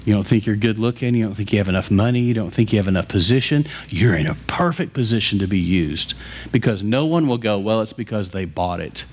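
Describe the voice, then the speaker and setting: Man preaching in animated storytelling. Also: on the low side, fast talker, husky. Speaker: pastor. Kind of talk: sermon.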